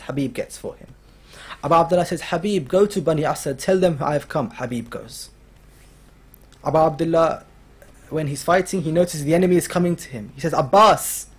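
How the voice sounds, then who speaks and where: Male preacher, high tenor, dramatic storytelling sermon. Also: a bit bright, slightly rough. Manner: storytelling, quoting figures with rising emotional intensity. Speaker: religious speaker. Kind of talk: mourning sermon narration. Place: lecture hall.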